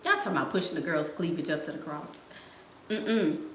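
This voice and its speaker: A woman's voice: sits low, moderate pace. Woman, livestream host, sassy, laughing, echoey room, faint background noise. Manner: sassy, laughing, playful slang. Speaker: host answering live chat. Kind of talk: casual livestream chat.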